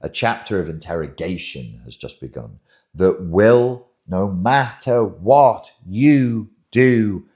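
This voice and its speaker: A man with a lowish voice that swings widely in pitch, delivering an emphatic, wry commentary monologue. He speaks slowly and deliberately and often doubles back on his words. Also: expressive, a little mellow. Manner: emphatic and wry, with frequent self-repeats. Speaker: host, relationship commentator.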